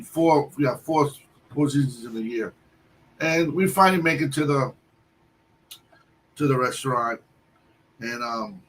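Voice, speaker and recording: A man telling a long personal story on a livestream, halting often and restarting his sentences. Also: mid-range voice, a bit bright. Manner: halting, with many restarts and fillers. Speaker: guest storyteller. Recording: distant mic with faint background noise.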